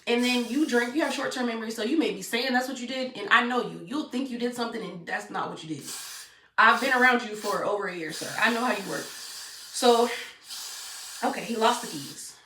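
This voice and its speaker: Young woman, blunt storytime vlogger, bright voice, echoey distant mic. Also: on the high side, a little fast. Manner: blunt, talks straight to viewers. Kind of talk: storytime vlog. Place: room at home.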